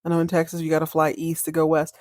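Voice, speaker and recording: Woman on a podcast gabbing through a tv recap, lively, acts out the lines, dry close sound. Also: deep voice, quick pace, dry recording. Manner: chatty, animated, acts out characters' lines. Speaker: podcast host. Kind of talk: casual episode recap.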